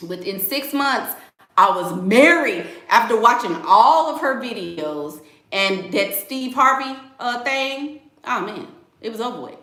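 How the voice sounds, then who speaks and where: A young woman hosting a livestream, talking in an emphatic, casual way and hammering her points with repetition. Her pitch sits a little high and swings widely. The sound has a roomy echo. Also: measured pace. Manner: animated, emphatic, repeats phrases, Southern US slang like "y'all". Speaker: livestream host reading donations.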